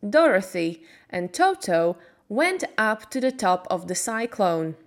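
A woman reading a storybook aloud for language learners, slow and carefully clear. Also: mid-range voice. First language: Slovak. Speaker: podcast reader for language learners.

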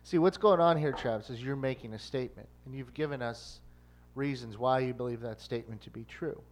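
A man with a mid-range voice co-hosts a casual chat. He presses questions in a measured, mock-formal debating manner. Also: mid-range voice. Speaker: podcast co-host.

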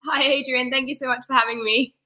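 A woman's voice: sits high, fairly even intonation, fast, pushed and bright, dull audio. A woman guest chatting in a casual interview, her voice nasal from a cold, laughing often with plenty of ums. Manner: giggly, lots of ums. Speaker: interview guest, pageant director.

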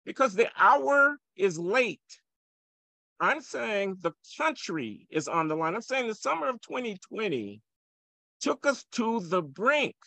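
Forceful older man, gravelly. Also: high-pitched, very animated, unhurried, no echo. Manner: forceful, provocative, emphatic. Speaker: economist guest. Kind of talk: heated interview argument.

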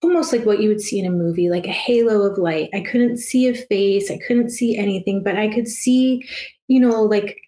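A woman guest telling a personal story in a soft, emotional way, halting and full of fillers and restarts. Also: mid-range voice, echoey room. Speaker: guest, past life regression therapist.

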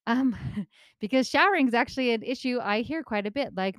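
A woman in her thirties giving casual parenting advice, lively and acting out the remarks she quotes. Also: fairly high pitch, a little fast, no echo, studio quality. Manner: animated, acts out quoted remarks, often asks "right?".

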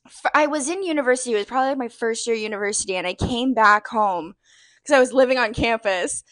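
A young woman co-hosting a podcast, telling a story in casual chat, animated and giggly, with lots of fillers. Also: on the high side, fast. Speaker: podcast co-host. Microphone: wearing a bald cap.

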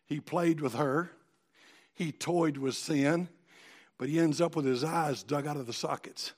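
A man preaching a sermon in a folksy, animated storytelling manner. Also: fairly high pitch, measured pace. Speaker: pastor.

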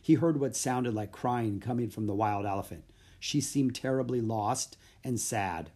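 A man narrating a children's audiobook in a steady, plain storytelling voice. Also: medium pitch, unhurried.

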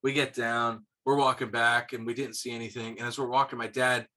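A young man co-hosts a podcast, telling hunting stories in loose, casual chat. His voice is bright and forceful, he swears freely, and he gets animated when he quotes other people. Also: medium pitch, brisk. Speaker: podcast co-host.

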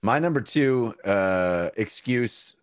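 Expressive, playful man with a lively voice. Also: lowish voice, slow pace, smooth. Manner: playful, laughing through punchlines. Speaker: show co-host. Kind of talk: comedic panel chat.

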